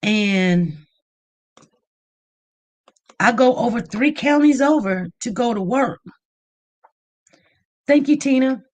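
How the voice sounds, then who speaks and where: A woman hosting a livestream, telling a story in a lively, animated way and rising to near-shouts when upset. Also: a little high, slow, long pauses. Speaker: livestream host.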